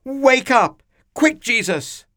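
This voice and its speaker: A man voicing a group of panicked adult fishermen who shout frantic, high pleas for help in a storybook reading. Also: wildly swooping pitch, normal speed, husky, no echo, clean studio sound.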